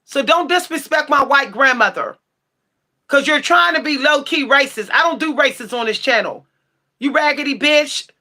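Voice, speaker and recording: A high-voiced woman with a bright, sharp edge, going off at her livestream chat. She is blunt, sassy and profane, and rises to shouting when she gets heated. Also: lively intonation, normal speed. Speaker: livestream tarot channel host.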